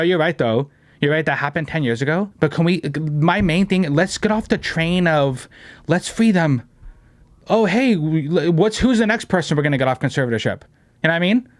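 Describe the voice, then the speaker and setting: A man's voice: on the high side, no room sound. A man hosting a casual podcast, brash and joking, swearing and saying "bro" and "dude" a lot. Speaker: podcast host.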